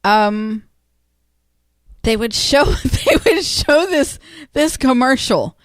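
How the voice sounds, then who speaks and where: A woman co-hosting a podcast, telling a story in a relaxed, chatty way with frequent pauses. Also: fairly high pitch, clear, resonant tone, no echo, clean studio sound. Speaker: podcast co-host. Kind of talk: casual conversation.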